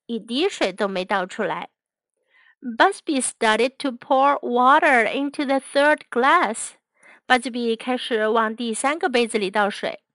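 A woman's voice: high voice, a bit bright, no room sound. A woman teacher reading a children's story aloud, each line in English and then in Chinese.

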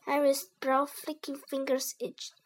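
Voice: sits high, completely flat delivery, slight background noise. Child reading a storybook aloud. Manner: earnest, slightly halting read-aloud with small slips. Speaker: reader.

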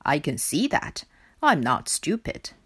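A woman voicing a calm, dignified, well-travelled rat in a storybook reading, in a lowered, unhurried voice. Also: breathy edge, no echo, clean studio sound, heavily acted.

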